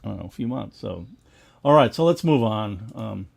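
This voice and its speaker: A middle-aged man with a gravelly voice that rises and falls freely. He chats casually about comic pages, restarting sentences and laughing often. The sound is dry and close. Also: on the low side, expressive, moderate pace, no room sound. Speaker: co-host of a comics history show. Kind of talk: casual livestream chat about comic art.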